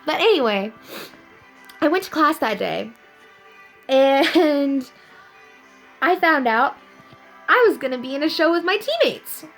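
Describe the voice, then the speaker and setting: A young woman talking earnestly and upbeat to her viewers in a casual inspirational vlog, telling a story with animated ups and downs. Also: sits high, unhurried, pauses often, soft background music, poor audio. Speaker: vlogger.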